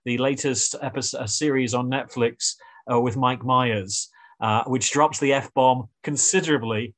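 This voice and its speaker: A man's voice: medium pitch, fairly even intonation, measured pace. A man hosting a podcast, rambling and hesitant with many fillers as he reviews a TV episode. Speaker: podcast host. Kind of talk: casual review chat.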